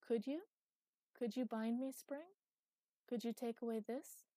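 A woman voicing a small, lonely ghostly wanderer who speaks softly and wistfully. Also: on the high side, unhurried, no echo, voice pushed up, lightly acted. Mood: pleading.

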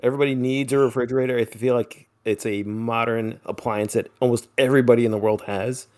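This mid-range male voice moves at a quick pace. He's a podcast co-host casually presenting a topic in relaxed chat, full of ums and fillers, and he laughs easily.

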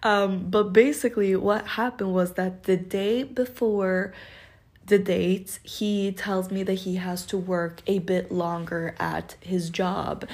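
A woman's voice: medium pitch, fairly even intonation, slow, darkish tone. A woman in her twenties casually telling a dating story, chatty and full of fillers and laughs. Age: 20s.

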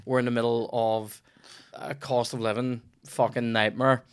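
He has a clear, resonant, mid-range voice with little pitch movement and a normal pace, captured in clean studio sound with no room sound. A young Northern Irish comedian, he hosts a podcast, telling rambling stories in casual chat and swearing freely.

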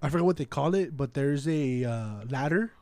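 Young man, casual storyteller, swears freely, slightly high voice, dry close recording. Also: normal speed, darkish tone, no room sound. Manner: rambling storyteller, swears a lot, acts out quotes. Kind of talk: casual chat.

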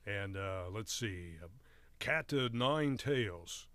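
A man's voice: lowish voice, expressive, slow pace, fairly bright tone, smooth, no echo. A man co-hosting a casual radio show, easygoing and rambling as he tries out pirate phrases.

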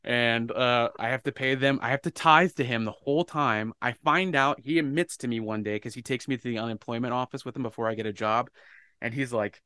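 A man's voice: medium pitch, fairly quick, clear, resonant tone, no echo. A man telling a personal story in casual podcast chat, swearing freely and acting out the people in it. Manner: profane, animated storyteller. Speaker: podcast co-host.

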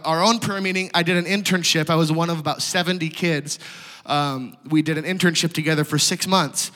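A man in his thirties from South Dakota, preaching a sermon and telling his testimony in an animated way with frequent laughter. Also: high-pitched, in a large hall. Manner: animated storytelling, laughs often.

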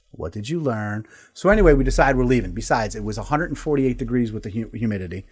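A man's voice: mid-range voice, animated, racing. A man hosting a casual talk show, telling a long, profane story and laughing as he goes. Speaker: podcast host.

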